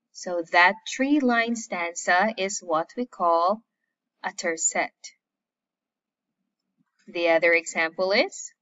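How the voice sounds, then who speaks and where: A woman teacher from the Philippines talks through a literature lesson at an unhurried pace. She explains each point methodically and lists the terms one at a time. Her voice comes through slightly muffled. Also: mid-range voice, bright, forceful tone.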